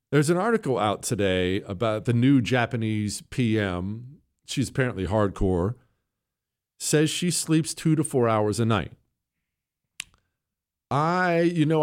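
A middle-aged man hosting a talk radio show, speaking in a cocky, joking, conversational way with frequent restarts. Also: mid-range voice. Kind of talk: casual monologue.

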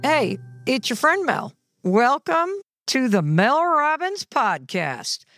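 A middle-aged woman hosting a motivational podcast, chatty and expressive, speaking straight to the listener. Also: high voice, slow pace, dry recording, faint music behind. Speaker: podcast host.

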